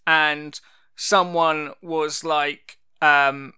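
A man's voice: a little high, steady tone, very slow, sharp tone, clean tone. A man co-hosting a casual podcast, playful and jokey, interjecting with questions. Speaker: podcast co-host. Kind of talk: casual chat.

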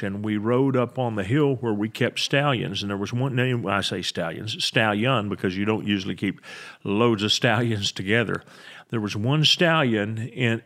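Male pastor, mid-pitched voice, conversational sermon delivery, stops and restarts often. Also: a bit bright. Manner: conversational preaching with frequent fillers and restarts. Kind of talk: sermon on a podcast.

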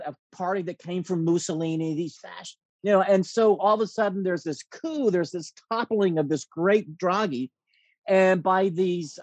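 A man's voice: sits high, a little mellow, no room sound. A man hosting an interview, asking long, rambling questions in a folksy way with frequent restarts. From United States. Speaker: host.

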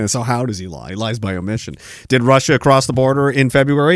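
A man's voice: medium pitch, normal speed, fairly bright tone, dry recording, clean studio sound. A man hosting a podcast, delivering heated, sarcastic political commentary with plenty of swearing. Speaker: podcast host.

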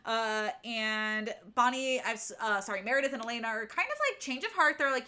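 A woman's voice: a little high, expressive, normal speed, hardly any pauses, pushed and bright. A woman co-hosting a casual book-recap podcast, exasperated and ranting, swearing freely. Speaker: podcast co-host.

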